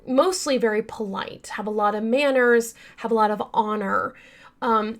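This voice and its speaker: A woman hosting a true-crime podcast, telling the story casually with many fillers and talking straight to her listeners, earnest and yawning now and then. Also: fairly high pitch. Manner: chatty, many fillers, addresses listeners as you guys; earnest and upset by the case.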